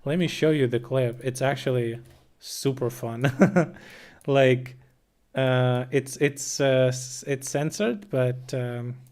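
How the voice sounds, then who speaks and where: A man's voice: medium pitch, fairly even intonation, takes it slowly. A man streaming casual, profane commentary on war news, reading headlines and reacting bluntly. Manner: profane, blunt, bursts of loud laughter.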